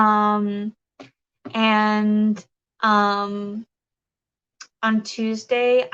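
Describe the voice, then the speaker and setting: A woman's voice: medium pitch, a bit bright, clear, resonant tone, dull audio. A woman hosting a casual crafting livestream, chatting and reading viewer comments, rambling with many fillers and restarts.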